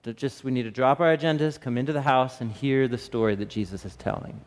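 A man's voice: medium pitch, quick pace. A man in his thirties preaching a sermon, telling a family story with laughs and frequent asides to the congregation. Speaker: pastor. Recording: reverberant hall.

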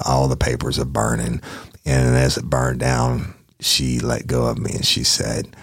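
A man's voice: extremely low pitch, vocal fry, husky, dry recording, clean studio sound. A man, a private investigator, telling a casual anecdote in a blunt, profane way and acting out the dialogue with emphasis.

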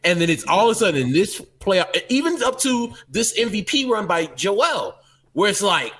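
A man co-hosting a sports chat with a bright, forceful voice that sits high for a man. His pitch swings widely as he makes his points and jokes. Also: normal speed, breathy edge. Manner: animated, emphatic, jokey. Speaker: podcast co-host.

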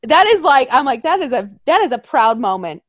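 A woman's voice: sits high, sing-song, brisk, a bit bright, no room sound, clean studio sound. A young woman telling a story in casual chat, swearing often and acting out quotes in voices.

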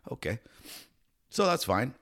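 A man's voice: mid-range voice, wildly swooping pitch, measured pace, fairly bright tone. A man co-hosting a podcast, telling a crude, laughing story in casual chat. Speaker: podcast co-host.

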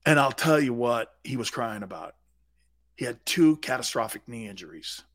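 A man hosting a sports talk radio show, telling stories with emphatic repetition and growing excitement. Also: mid-range voice, moderate pace, no echo, studio quality.

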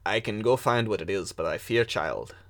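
A man voicing a grim old male gravedigger who speaks in a low, gravelly growl. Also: animated, moderate pace, fairly bright tone. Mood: solemn. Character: gruff old male digger with a shovel.

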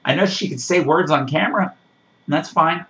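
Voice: mid-range voice, brisk, fairly bright tone, poor audio. A podcast host giving a sarcastic, exasperated rant while reviewing a horror movie, swearing freely. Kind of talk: casual ranting movie review.

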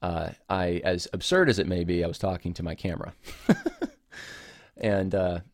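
A man's voice: low-pitched, big pitch swings, measured pace, no echo, studio quality. A man hosting a podcast alone, talking casually and apologetically, rambling and restarting his sentences as he explains himself. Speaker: podcast host. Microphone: home recording setup with camera.

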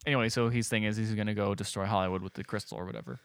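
A man's voice: lowish voice, fairly even intonation, racing, clean tone, no room sound, clean studio sound. A man co-hosting a podcast, retelling a movie plot in casual, rambling chat. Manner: rambling, laughing, loose retelling with quoted voices. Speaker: podcast co-host.

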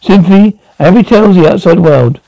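A man's voice: high-pitched, brisk, creaky, mellow, no room sound, lo-fi sound. A man reading a novel aloud as an amateur audiobook, often stumbling and repeating words. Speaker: reader.

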